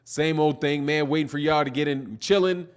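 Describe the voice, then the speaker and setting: A man's voice: a little high, moderate pace, clear, resonant tone. Laid-back man hosting a live boxing stream. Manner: laid-back, rambling, peppers talk with "man". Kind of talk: casual live-stream chat, reading viewer comments.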